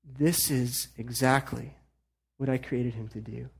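A man voicing Jesus as a calm, cheerful, unbothered figure within a sermon. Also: medium pitch, unhurried, vocal fry, husky, pitched below the performer's own voice. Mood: reassuring. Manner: relaxed, reassuring, playful.

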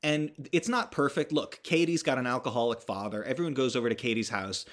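A young man recapping a movie for his podcast, talking casually with plenty of fillers, false starts and restarts. His tone is sardonic and he swears now and then to land a point, at a middle pitch. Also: a little fast, fairly bright tone. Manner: rambling, full of fillers and restarts. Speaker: podcast host.

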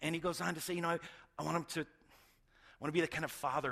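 A middle-aged man, a pastor, preaching a sermon in an earnest way, often restarting words and swinging between loud stresses and hushed lines. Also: fairly high pitch, steady tone, quick pace, gravelly, pauses often.

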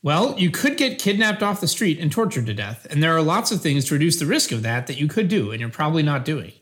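A man's voice: on the high side, big pitch swings, a bit bright. A man reading an earnest utilitarian debater. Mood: calm. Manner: measured, patient, explanatory. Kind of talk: scripted philosophical dialogue.

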